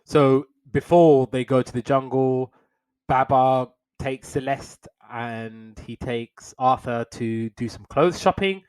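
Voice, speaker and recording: A young man with a middle-pitched voice retells a cartoon episode in a loose, conversational recap. He drops wry, slangy asides and slips briefly into quick put-on voices for the characters he quotes. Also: darkish tone, smooth, low-quality recording. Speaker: podcast host reviewing old cartoons.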